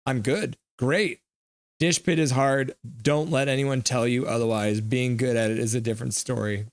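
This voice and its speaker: A man's voice: mid-range voice, fairly even intonation, moderate pace, no room sound. A young man from Canada hosting a live stream, reading chat messages aloud and giving casual play-by-play of the game. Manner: reads chat messages aloud, chatty, jumps into game commentary.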